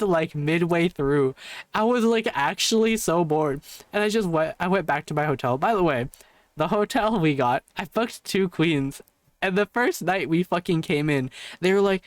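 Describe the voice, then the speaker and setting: A man streaming live and talking casually, his voice sitting fairly high for a man. He rambles, restarts his sentences and swears freely. The sound is dry and close, with no room echo. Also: lively intonation, normal speed.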